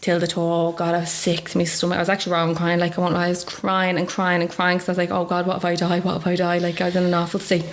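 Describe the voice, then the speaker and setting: A Dublin woman in her thirties, a guest, tells her story candidly in a broad local accent, very fast and with few pauses. She animatedly acts out what others said, her voice jumping high on the quotes, and nervous laughter slips in. A little hiss or hum sits under the audio.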